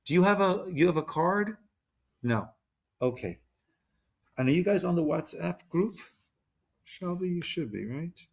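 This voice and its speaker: A man's voice: a little high, animated, measured pace, gravelly, long pauses, muffled recording. A man who is a rabbi, giving an informal lesson to a small group in a conversational way, asking them questions and retelling stories with quoted dialogue. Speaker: rabbi teaching a class. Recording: recorded conference call.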